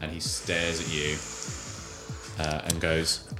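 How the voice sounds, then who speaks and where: A man's voice: rumbling low, monotone, slow pace, over music. A man narrating a tabletop game as game master, laid-back and rambling. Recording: roomy echo.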